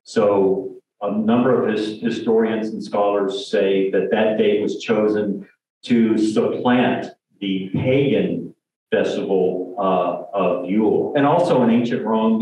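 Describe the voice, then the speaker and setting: This lay speaker's voice sits on the low side with a darkish tone. He wanders through his church-hall talk with filler words, false starts and playful side comments, recorded from a distance in a reverberant sanctuary on dull, lo-fi equipment.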